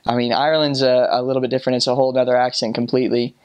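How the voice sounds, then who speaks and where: Relaxed man telling stories. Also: medium pitch, smooth, highs cut off. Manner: relaxed, halting, full of fillers. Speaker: former missionary. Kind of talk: casual storytelling.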